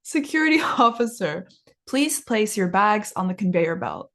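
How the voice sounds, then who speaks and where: A woman voicing a polite airport security officer who gives calm, courteous instructions in an example dialogue. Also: medium pitch, unhurried.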